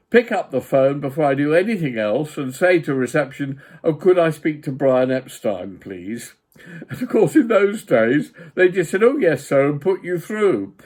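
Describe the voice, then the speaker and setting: A man's voice: a little high, darkish tone. Older man telling a rambling life story. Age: 70s. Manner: chatty, digressive, with asides. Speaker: vlogger. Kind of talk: storytelling, personal reminiscence.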